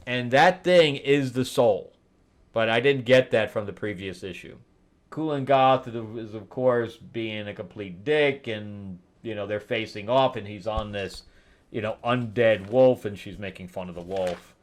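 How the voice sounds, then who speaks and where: A man's voice: on the low side, measured pace. A man hosting a comic review, casually recapping a story in a rambling way with asides. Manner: rambling retelling with laughs and asides.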